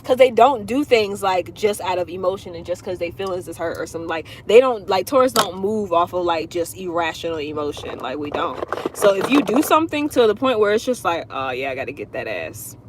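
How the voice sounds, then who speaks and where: A woman astrology reader chatting casually on a livestream from inside her car, blunt and profane, telling things with animated emphasis. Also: medium pitch, a little fast, background noise.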